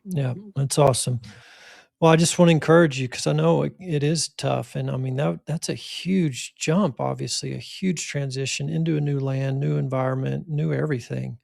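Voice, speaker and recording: A man's voice: mid-range voice, steady tone, normal speed, creaky, darkish tone, no room sound, studio quality. A man hosting a faith-centered podcast, speaking in an encouraging, preacherly, folksy way. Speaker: podcast host, physician.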